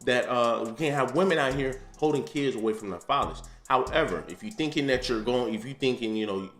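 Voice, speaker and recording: A man's voice: medium pitch, a little fast, fairly bright tone. A man giving blunt, opinionated commentary with a slangy manner, repeating his points like a preacher. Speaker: commentary host reacting to a dating show clip. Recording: roomy echo, faint music behind.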